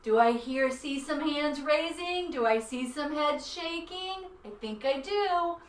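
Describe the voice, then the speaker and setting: A woman leading a children's yoga class, animated and playful, coaching in a sing-song way with sound effects. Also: sits high, a little slow, distant mic. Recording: echoey room, away from mic, faint music.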